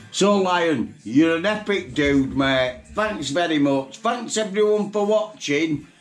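A blunt, sweary Yorkshire man talks to his viewers in an unhurried, lively voice that rises and falls a lot. He sounds a little high for a man. The room is echoey, with faint music underneath. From Bradford, England. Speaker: vlogger. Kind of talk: casual vlog talk to viewers.

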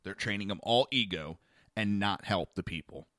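A man's voice: fairly low pitch, moderate pace, no room sound, studio quality. A man hosting a talk show, telling a blunt story in a casual monologue and acting out the other people's voices. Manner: blunt, animated, acts out quoted voices.

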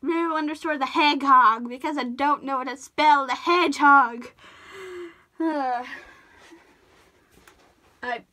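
This drawing tutorial vlogger has a high, pushed, bright voice and takes it slowly with frequent pauses. She chats casually while drawing, rambling off-topic, breaking off mid-thought and apologizing.

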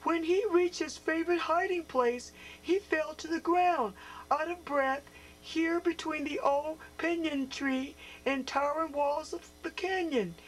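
A woman's voice: high voice, unhurried, slight background noise, rough recording. A woman voicing a male puppet host who reads a picture book aloud to children. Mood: storytelling. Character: male puppet host, friendly storybook reader.

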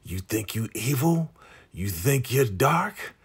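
A man voicing a furious woman who taunts her rival with drawn-out threats, his voice raised above his normal range. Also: medium pitch, sing-song, husky, voice pushed up, heavily acted. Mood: furious, menacing.

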